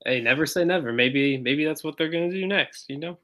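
A man co-hosting a casual sports podcast in an easygoing, even way. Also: on the high side, a little fast. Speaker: podcast co-host. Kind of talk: casual chat.

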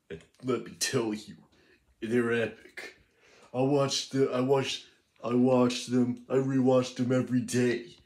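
A man's voice: medium pitch, steady tone, slow, a little mellow, close to an everyday voice. A man playing a cocky, scornful teenage boy in a fan parody roast, mocking and name-calling.

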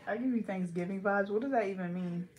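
A woman's voice: medium pitch, quick pace, a little mellow, echoey room, a little hiss or hum. A young woman from California, a hair braider, chatting playfully and teasing while she works, laughing often. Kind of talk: casual chat while braiding.

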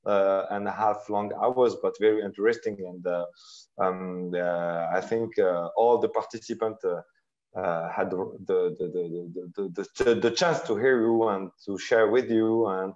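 A man with an Algerian French accent, an incubator founder speaking casually in an online workshop, halting with many fillers and repeated words. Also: on the low side, fairly even intonation, darkish tone. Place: office. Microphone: video call. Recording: dull lo-fi video call audio.

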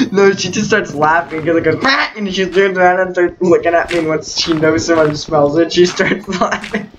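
High-voiced young man, crude and laughing. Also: expressive, moderate pace, hardly any pauses, dull audio. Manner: crude, swears a lot, laughs often. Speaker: streamer. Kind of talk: casual gaming chat with friends. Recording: noisy gaming voice chat.

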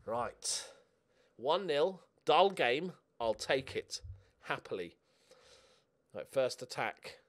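A man giving casual, excitable commentary while he plays a football management game at home, swearing and cheering at the match. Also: medium pitch, slow pace, pauses often. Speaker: gaming YouTuber. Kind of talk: casual let's-play commentary.

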